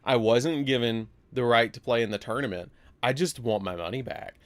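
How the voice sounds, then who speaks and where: A man's voice: medium pitch, normal speed, no room sound. A man hosting a live game stream, telling a story casually and acting out both sides of the argument. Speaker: livestream host.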